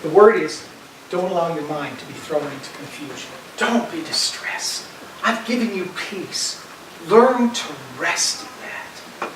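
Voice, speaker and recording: Emphatic pastor preaching in an echoey church. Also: male voice, fairly high pitch, animated, unhurried, distant mic, noisy background. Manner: emphatic, swings from loud urging to soft. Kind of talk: sermon. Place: church sanctuary.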